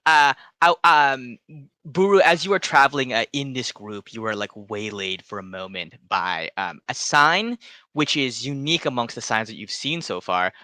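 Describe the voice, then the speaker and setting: Rambling male game master, bright voice. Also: lowish voice, no echo. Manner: loose and rambling, many fillers. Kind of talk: narrating a tabletop game.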